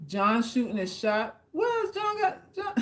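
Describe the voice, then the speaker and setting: A woman's voice: on the high side, big pitch swings, unhurried. A woman hosting a casual live stream, reading viewer comments aloud and answering them in a blunt, teasing, slangy way, with some profanity. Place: South Florida.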